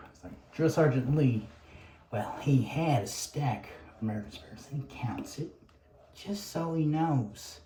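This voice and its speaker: A man with a mid-range voice rambles through a casual monologue at a measured pace, swearing freely, sighing between thoughts, and often restarting. The room is roomy and echoey, with a faint ambient hum behind him.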